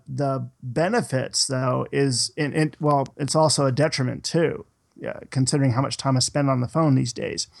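A man's voice: mid-range voice, creaky. A man from Minnesota and the Boston area, co-hosting a podcast in casual, rambling chat with frequent restarts. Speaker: podcast co-host.

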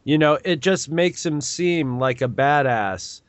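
A man's voice: on the high side, animated, a little slow, no room sound. A man co-hosting a casual podcast, talking in a rambling way with frequent restarts. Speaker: podcast co-host. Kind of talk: casual chat.

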